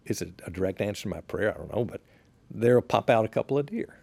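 A man, a pastor, talking as a podcast guest in a relaxed, reflective way, sharing stories unhurriedly and often restarting his sentences. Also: lowish voice, fast, vocal fry, no room sound. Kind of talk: relaxed conversational storytelling.

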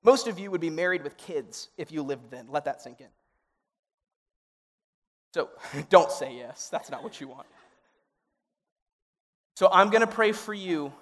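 A man's voice: fairly high pitch, expressive, a little slow, pauses often, a bit bright. A young adult man, a youth pastor, preaching in a conversational, earnest way that grows emotional and pleading. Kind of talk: sermon. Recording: reverberant hall sound.

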